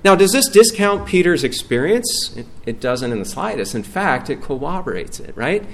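A man's voice: a little high, very animated, moderate pace. A middle-aged man preaching a sermon as a guest pastor, reading scripture out with rising force.

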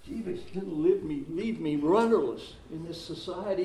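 A pastor preaching a sermon, repeating phrases for emphasis and reading scripture aloud with rising force. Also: male voice, fairly high pitch, normal speed, few pauses, dark tone. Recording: roomy echo.

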